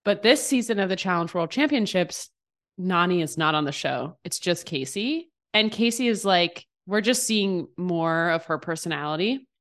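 A woman co-hosting a podcast, chatting casually and circling her points with fillers and restarts. Her voice sits a little low. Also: animated, normal speed, a bit bright. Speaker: podcast co-host. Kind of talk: casual chat.

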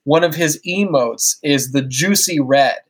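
A man's voice: fairly high pitch, a little slow, husky. A man talking as a guest on a podcast, telling stories casually, swearing and laughing easily. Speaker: podcast guest and wrestling-game streamer.

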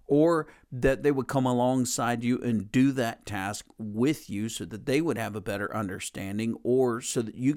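A man preaching a conversational sermon in an earnest, plain-spoken way, often repeating and restarting his phrases. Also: fairly low pitch.

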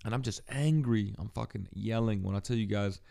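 Deep gravelly man venting raw. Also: warm tone. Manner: halting, profane, emotionally raw. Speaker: podcast host. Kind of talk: personal solo monologue.

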